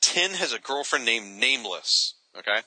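A man's voice: mid-range voice, animated, normal speed, pushed and bright, no echo, rough recording. A man co-hosting a casual podcast, reading listener letters aloud and chuckling at them.

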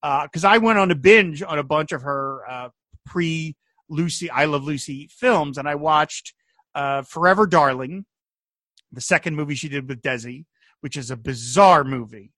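A man hosting a casual podcast chat, telling an anecdote with lively acted-out quotes. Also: fairly high pitch, moderate pace, no room sound, clean studio sound. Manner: animated storyteller, acts out quotes. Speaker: podcast host.

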